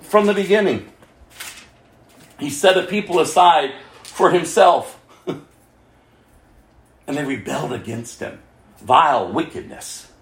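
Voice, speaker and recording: Impassioned high-pitched male preacher. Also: animated, unhurried, long pauses, reverberant. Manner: impassioned, rhetorical questions, swings from loud to hushed. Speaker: pastor. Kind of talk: sermon.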